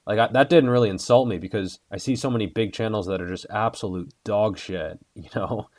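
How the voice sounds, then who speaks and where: Guy guest ranting bluntly, kinda low voice, swears a lot, dry sound. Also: a little fast, no echo. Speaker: guest, fitness content creator. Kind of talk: heated interview talk.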